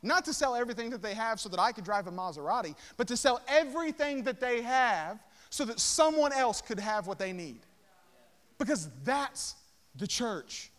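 A pastor preaching a sermon, firing rhetorical questions and casual asides with emphatic delivery. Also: male voice, extremely high pitch, lively intonation, moderate pace, fairly bright tone. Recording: long reverb of a large hall.

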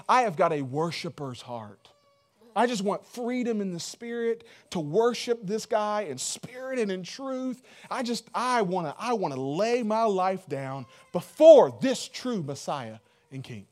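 A man's voice: high-pitched, big pitch swings, normal speed, darkish tone. A man putting on oily sly King Herod. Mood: fake pious. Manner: oily, chummy, over-friendly. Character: fawning scheming male king, falsely pious.

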